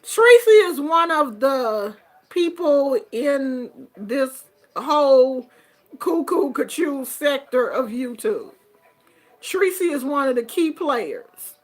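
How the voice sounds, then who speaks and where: A middle-aged woman chatting casually to her viewers, telling animated stories and laughing through them. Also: high-pitched, takes it slowly. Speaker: YouTuber. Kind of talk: casual storytelling chat.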